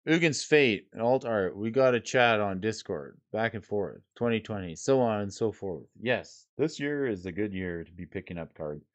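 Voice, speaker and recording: A man's voice: on the low side, lively intonation, moderate pace, hardly any pauses, muffled recording. A man streaming casually, reading card names and rules aloud and chatting with his viewers. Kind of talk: casual livestream chat while sorting cards.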